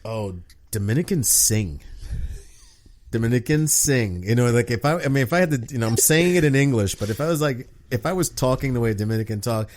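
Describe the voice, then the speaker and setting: A man's voice: medium pitch, expressive, a little fast, a little mellow. A man hosting a podcast in easy conversation, with a voice in the middle of the usual range. He jokes, swears freely and likes telling stories. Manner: joking, profane storyteller. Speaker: podcast host. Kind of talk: casual chat.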